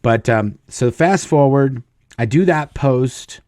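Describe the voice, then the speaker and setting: A man's voice: medium pitch, expressive, slow pace, a little mellow, dry recording, clean studio sound. A middle-aged man casually telling a long personal story in an interview, acting out the dialogue of the people in it. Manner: rambling anecdotes, acting out quoted dialogue. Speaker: guest telling his story.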